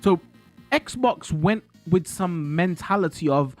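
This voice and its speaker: A man's voice: high-pitched, expressive, a little fast, no echo, soft background music. A man ranting animatedly to his livestream chat, swearing and restarting his sentences. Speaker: streamer.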